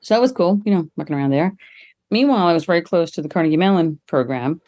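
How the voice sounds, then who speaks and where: A middle-aged woman, a guest on an interview podcast, telling lively stories and laughing often as she talks. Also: fast. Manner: lively, acts out quoted people with jumps in pitch. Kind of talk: casual interview storytelling.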